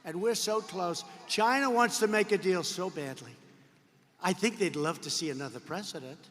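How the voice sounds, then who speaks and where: Man at a campaign rally, high-pitched and forceful, boastful and repetitive, echoing through a big arena. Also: moderate pace. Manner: boastful, repetitive, mocking asides, bursts of shouting. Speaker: politician addressing a campaign rally. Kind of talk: rally speech. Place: large indoor arena rally. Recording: long arena reverb.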